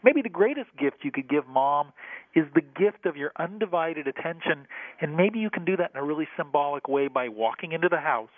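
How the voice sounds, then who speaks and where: A man's voice: fairly high pitch, expressive, brisk, no echo. Man explaining tech over a tinny phone line. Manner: earnest, explanatory, leans on key words. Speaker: tech guest expert on radio. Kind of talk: radio segment chat.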